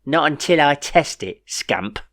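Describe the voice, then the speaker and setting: A woman's voice: sits low, expressive, measured pace, voice pushed up. A man voicing a brash, greedy, scheming alien queen who uses coarse, chummy slang in a storybook reading. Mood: commanding.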